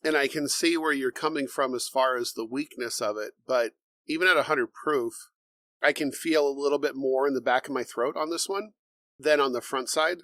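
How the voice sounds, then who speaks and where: Male co-host, medium pitch, steady explanatory delivery, dry close sound; bourbon talk show. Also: no echo. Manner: measured, explanatory, reads tasting notes aloud. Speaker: podcast co-host. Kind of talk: casual bourbon tasting chat.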